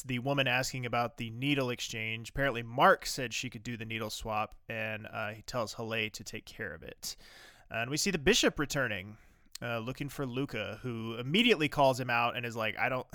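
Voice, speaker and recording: Bright, crisp-voiced man chatting on a podcast. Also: medium pitch, normal speed, no room sound, clean studio sound. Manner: enthusiastic, rambling with many fillers. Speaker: podcast co-host. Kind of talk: casual chat recapping a TV drama.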